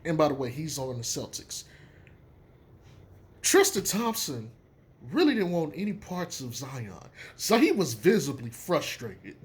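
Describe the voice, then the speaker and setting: Animated, emphatic man talking basketball. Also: fairly high pitch, a little slow. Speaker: sports commentator. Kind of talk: casual sports opinion talk.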